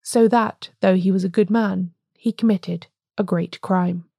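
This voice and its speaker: A woman voicing a calm, wise male priest who speaks gravely and gently in an audiobook reading. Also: high-pitched, a little slow, no echo, studio quality, full character voice.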